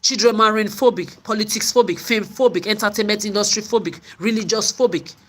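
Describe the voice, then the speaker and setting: Angry woman ranting hoarsely. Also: medium pitch, brisk, fairly bright tone. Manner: confrontational, ranting, repetitive. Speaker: vlogger. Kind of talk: angry monologue to camera.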